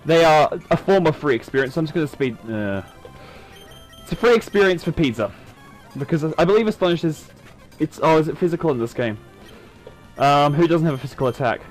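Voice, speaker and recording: Male gamer narrating his playthrough, chatty and self-mocking, with a lively, bouncing pitch. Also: brisk, long pauses, faint music behind, poor audio. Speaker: gaming YouTuber. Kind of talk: let's-play commentary.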